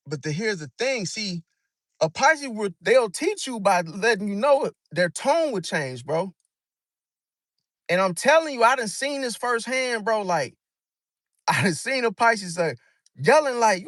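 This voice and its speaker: A man's voice: high voice, big pitch swings, a little slow, fairly bright tone, dry recording, clean studio sound. A man in a casual monologue about zodiac signs, slangy and repetitive, calling the listener bro. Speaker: astrology commentator.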